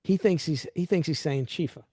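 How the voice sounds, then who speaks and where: A middle-aged man hosting a podcast, chatting casually and telling animated stories that act out quoted dialogue. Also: on the high side, brisk, no echo, studio quality. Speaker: podcast host. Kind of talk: casual interview chat.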